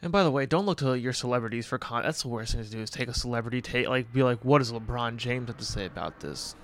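A man hosting a podcast, ranting casually in a crude, joking, rambling way with quick voiced asides. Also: medium pitch. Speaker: podcast host. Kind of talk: casual solo podcast rant.

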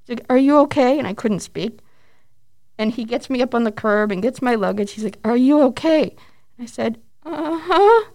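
A woman in her forties telling animated stories as a guest in a casual interview, acting out quotes and laughing often. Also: on the high side, fairly quick. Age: 40s. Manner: lively, animated storyteller who acts out quotes and laughs often.

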